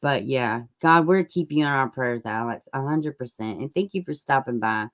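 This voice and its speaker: A woman's voice: rumbling low, lively intonation, moderate pace, highs cut off. A woman chatting casually on a live stream, rambling and greeting viewers in the chat. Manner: occasional mic dropouts. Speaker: true-crime live streamer.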